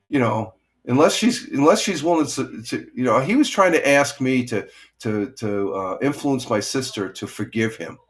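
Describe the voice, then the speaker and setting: On his casual morning live stream, a middle-aged male host greets viewers by name while rambling, chuckling, and restarting a lot. He sounds animated, with a mid-range voice at normal speed and hardly any pauses.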